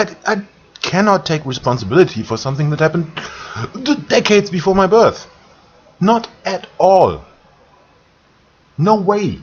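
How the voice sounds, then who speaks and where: A man from Germany with a German accent, speaking English in a grumpy, halting vlog rant, repeating words and swearing. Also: a little high, husky. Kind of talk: ranting monologue vlog. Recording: dull lo-fi recording.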